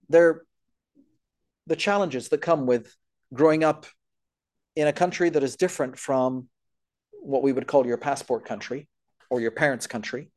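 A man giving an earnest talk on missionary care, working through a list of points. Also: on the high side. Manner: earnest, explanatory, lists points. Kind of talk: church talk.

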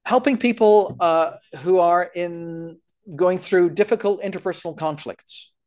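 A man's voice: high voice, a little slow, darkish tone. A man giving an earnest talk on missionary care, working through a list of points. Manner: earnest, explanatory, lists points. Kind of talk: church talk.

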